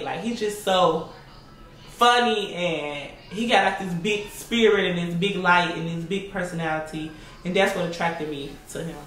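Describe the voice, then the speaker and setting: A young woman vlogger chats casually through viewers' questions in a Q&A video, laughing a lot and calling her audience y'all. Her voice is on the low side with a fairly bright tone. The room echoes, the mic sits a bit far off, and there's faint background noise.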